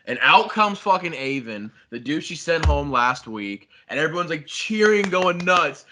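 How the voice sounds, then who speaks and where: A man's voice: on the high side, sing-song, a little slow, noisy background. A young man, a podcast co-host, animatedly retelling a story in casual chat, swearing a lot and saying "like" constantly.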